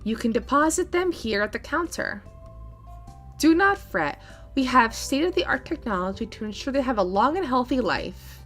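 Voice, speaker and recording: A woman's voice: high-pitched, lively intonation, moderate pace, a bit bright, soft background music. A woman voicing a courteous, old-fashioned aquarium curator in a cozy farming game. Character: polite formal aquarium curator.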